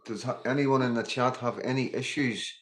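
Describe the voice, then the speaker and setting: A man's voice: mid-range voice, steady tone, moderate pace, fairly bright tone, a little hiss or hum. A middle-aged man, livestreaming, a bit groggy, greeting viewers by name and bluntly calling out his critics. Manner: blunt and combative, calling people out. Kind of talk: casual livestream talk, reading out the chat. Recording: roomy echo.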